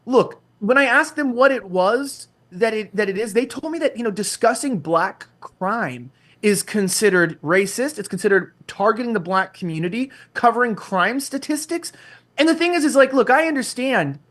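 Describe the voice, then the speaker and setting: A man's voice: high voice, expressive, moderate pace, fairly bright tone. A man, a guest on a podcast, talking indignantly in casual chat. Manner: indignant, ranting.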